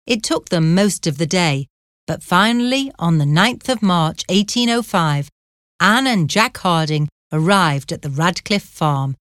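A woman narrating an audiobook chapter in a measured, even storytelling manner. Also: fairly low pitch, no echo, studio quality.

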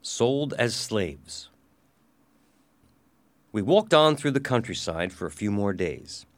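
A man reading a storybook aloud in a measured, expressive way. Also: fairly low pitch, no room sound. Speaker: audiobook reader. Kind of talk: scripted storybook narration.

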